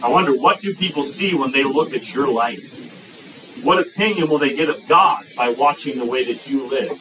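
A man preaching a sermon to a young audience, emphatic and repetitive, slowing down when he quotes scripture. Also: medium pitch, pushed and bright, far from the mic, a little hiss or hum, poor audio. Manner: emphatic, repeats phrases, slows for quoted scripture.

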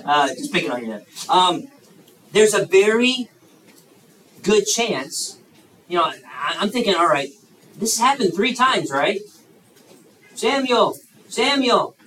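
Animated man preaching to kids in an echoey hall. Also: high voice, unhurried, pauses often, distant mic, a little hiss or hum. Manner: animated, acts out the story's voices, asks the kids questions. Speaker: preacher at a youth camp. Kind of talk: sermon to children. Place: large room at a campground.

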